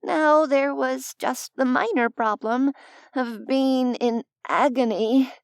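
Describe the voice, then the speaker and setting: Woman audiobook narrator, slow and expressive, fairly high voice, very dry close mic. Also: clear, resonant tone, no room sound. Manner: measured, expressive storytelling.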